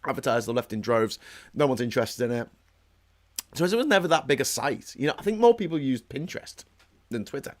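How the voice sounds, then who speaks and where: Man, British, livestream host, heated rambling commentary, frequent restarts, middle pitch. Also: very animated, brisk. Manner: reads out viewer comments. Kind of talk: casual political commentary livestream.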